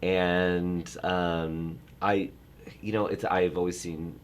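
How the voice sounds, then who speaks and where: A middle-aged man with a low, deep voice talks casually about his travel work. He rambles, interrupts himself, and turns animated when he gets excited. A faint hum of noise sits behind him. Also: slow pace. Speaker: travel industry guest. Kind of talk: casual chat.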